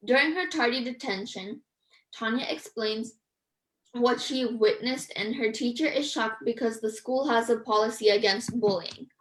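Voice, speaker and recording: A woman's voice: on the high side, moderate pace, rough recording. A woman author on a radio interview, earnest and a bit hesitant, reading from her book. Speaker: author and guest. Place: radio studio.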